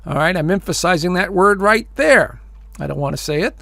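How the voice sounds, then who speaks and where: Gravelly man giving emphatic casual commentary. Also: sits high, expressive, a little fast, sharp tone, no echo, clean studio sound. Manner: emphatic, addresses listeners as folks; many fillers and repeated phrases. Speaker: astrologer hosting his own video show.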